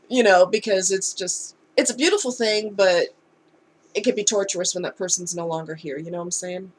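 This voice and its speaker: A woman's voice: on the low side, fairly quick, a little hiss or hum. A woman talking candidly in a casual storytime vlog, conversational and heartfelt. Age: adult. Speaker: vlogger.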